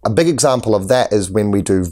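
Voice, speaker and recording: A man with a fairly low voice answers interview questions as an acting tutor. He explains his methods earnestly, often restarting his sentences as he goes. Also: lively intonation, fast talker, a little mellow. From New Zealand.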